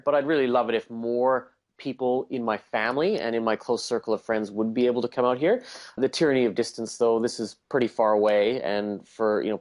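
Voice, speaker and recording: A young man with a Canadian accent picking up a few Australian touches, a tour business owner answering interview questions in an easygoing, upbeat way with frequent "uh" fillers. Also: lowish voice. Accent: Canadian, with slight Australian touches. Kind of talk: remote interview.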